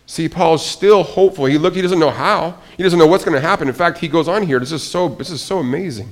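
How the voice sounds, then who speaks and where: Animated male preacher with hushed asides. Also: fairly high pitch, fast. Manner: animated, swings from hushed asides to loud exclamations, self-interrupting restarts. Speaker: pastor. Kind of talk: sermon.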